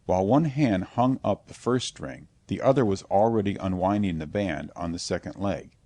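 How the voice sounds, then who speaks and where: A man reading a classic novel aloud as an audiobook narrator, in a steady, measured way. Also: low-pitched, no echo. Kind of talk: scripted narration.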